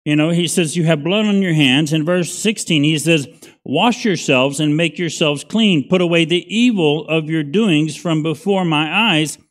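A middle-aged pastor leads a Bible study, talking it through like a conversation with his congregation. His voice sits a little higher than most men's, and he keeps checking in with a quick "right?" as he goes. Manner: conversational, folksy, asks "right?" often.

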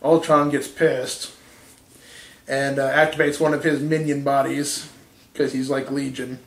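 A man's voice: medium pitch, level tone, measured pace. Profane, rambling man in an echoey room. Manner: rambling, profane, laughs at his own jokes. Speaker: podcast co-host. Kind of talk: casual storytelling chat.

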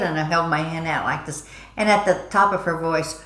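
An older woman co-hosting a casual chat, adding lively asides and little anecdotes. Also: sits low, brisk. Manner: lively chatty interjections and anecdotes. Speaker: co-host. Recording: roomy echo.

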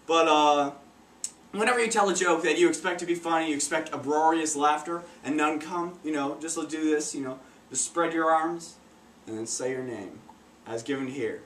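Awkward teen stand-up, far from the mic. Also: male voice, on the high side, normal speed, fairly bright tone. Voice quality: stumbling, awkward, many restarts. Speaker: stand-up comedian. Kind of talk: amateur stand-up comedy. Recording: roomy, distant, faint noise.

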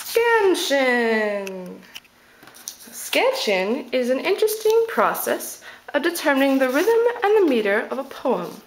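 A woman teaching how to scan poems, slow and deliberate, with playful asides as she sounds out each stress. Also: high-pitched, reverberant, a little hiss or hum. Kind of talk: explaining poetry scansion.

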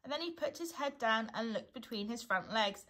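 A woman, a primary school teacher, reading a children's storybook aloud in a gentle, unhurried way. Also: on the high side, lively intonation.

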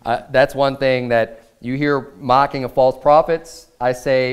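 Clear-voiced American man preaching a sermon. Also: mid-range voice, flat delivery, unhurried. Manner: preaching with rising intensity, reading scripture aloud. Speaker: pastor.

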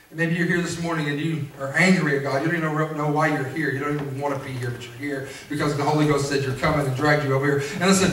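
In an echoey church, recorded from afar, a male preacher delivers a sermon in the sanctuary, repeating phrases and drawing responses from the congregation. His voice sits on the high side and is slightly bright, with a faint hiss or hum in the audio.

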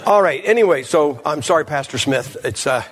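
A man's voice: on the high side, animated, fairly quick, crowd noise. A man preaching a humorous sermon at a church service, telling stories in a blunt, joking way.

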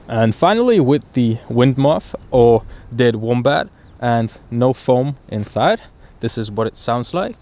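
A man's voice: mid-range voice, moderate pace. Guy doing a casual gear review, jokey, lapel mic outside in wind, slight background noise. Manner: joking, relaxed and explanatory. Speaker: video host reviewing filming gear. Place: outdoors on a windy day. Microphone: lavalier mic into a phone.

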